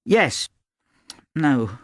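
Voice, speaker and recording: A man's voice: mid-range voice, very animated, drawn-out words, no room sound, clean studio sound, pitched above the performer's own voice. A man voicing a sulky, sarcastic teenage girl in an audiobook reading.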